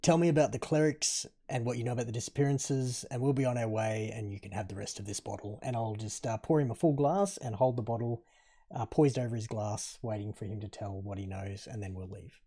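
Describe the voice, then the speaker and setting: Mellow man playing a tabletop game. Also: mid-range voice, brisk. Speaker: player. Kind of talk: tabletop game chat and in-character talk.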